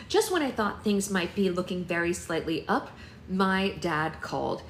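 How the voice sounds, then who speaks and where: A woman hosting a book club, reading a novel aloud in a lively, expressive way. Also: medium pitch, reverberant, a little hiss or hum.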